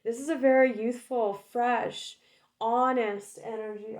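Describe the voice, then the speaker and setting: Young female tarot reader, casual and chatty, slightly high voice, filler-heavy delivery. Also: fairly even intonation, measured pace, a little mellow. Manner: chatty, lots of "like" and "right?".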